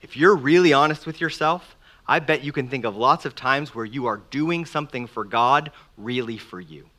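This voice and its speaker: A middle-aged man preaching a sermon as pastor, animated and acting out the voices of the people he quotes. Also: medium pitch, normal speed.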